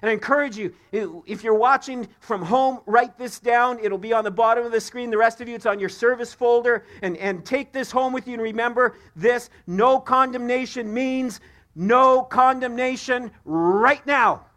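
A man with a strikingly high voice preaches a sermon to his congregation. He is emphatic, hammering home key words by repeating them. He is recorded live in a church sanctuary. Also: fairly quick, few pauses, fairly bright tone. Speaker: pastor.

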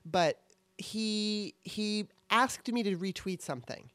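A woman's voice: mid-range voice, slow, a bit bright, no echo. A middle-aged woman co-hosting a casual chat show, candid and rambling, swearing freely. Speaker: podcast co-host.

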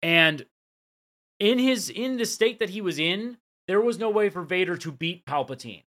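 Slightly high-voiced man recapping on a podcast. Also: expressive, normal speed, bright, forceful tone. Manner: recapping scenes, casual and profane. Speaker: podcast co-host. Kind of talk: casual chat recap.

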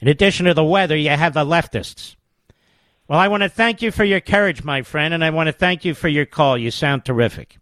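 A middle-aged man hosting a talk radio show in a fairly high voice, combative and emphatic, with sudden leaps in pitch. The sound is close and dry, typical of a studio mic. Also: fairly quick, a bit bright, no room sound.

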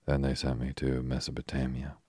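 A man's voice: a bass voice, slightly rough, dry recording, studio quality. A man reading as a glum young ex-soldier. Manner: soft, even, unhurried reading.

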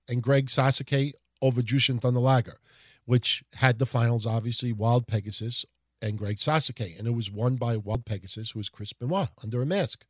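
A man hosting a casual wrestling history podcast, rambling through old results in a profane, animated way. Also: mid-range voice, dry recording, clean studio sound. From Italian heritage. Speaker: podcast host.

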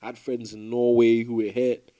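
A man from Nigeria with a Nigerian accent, a musician guest talking casually in an interview, relaxed and rambling with many fillers and restarts. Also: mid-range voice, moderate pace.

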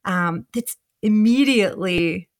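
A woman in her thirties co-hosting a podcast, talking in a calm, reflective way with many fillers and restarts. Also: medium pitch, takes it slowly. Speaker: podcast co-host. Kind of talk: casual podcast chat.

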